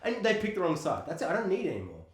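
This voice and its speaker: A man's voice: sits high, very fast. A man co-hosting a casual podcast about films, talking animatedly, swearing often and acting out lines from scenes. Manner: animated, swears a lot, acts out quotes. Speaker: podcast co-host. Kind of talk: casual film discussion. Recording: roomy echo.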